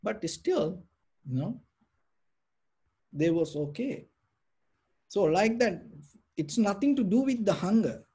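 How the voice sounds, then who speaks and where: Soft, husky-voiced man teaching meditation. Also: sits high, expressive, slow, pauses often. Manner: rambling, many restarts and "you know" fillers. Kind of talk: informal dharma talk.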